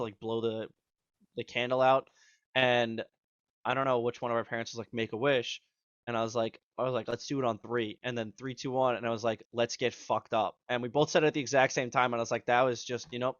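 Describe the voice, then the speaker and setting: A man's voice: mid-range voice, no echo. Man telling a rambling, profane party story. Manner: rambling, profane, acts out quotes. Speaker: podcast co-host. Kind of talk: casual storytelling chat. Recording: slightly dull, dry audio.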